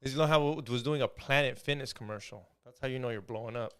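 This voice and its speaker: A man in easygoing podcast chat, relaxed and slangy. His voice is smooth and clean, pitched right in the middle. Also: quick pace. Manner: relaxed, slangy, joking banter. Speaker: podcast co-host. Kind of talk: casual chat.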